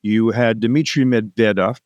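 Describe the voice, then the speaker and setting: A man's voice: steady tone, measured pace, darkish tone, dry recording, lo-fi sound. Emphatic man, dry close mic. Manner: emphatic, acts out quotes with rising pitch. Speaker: guest, policy think tank founder. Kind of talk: interview, political commentary.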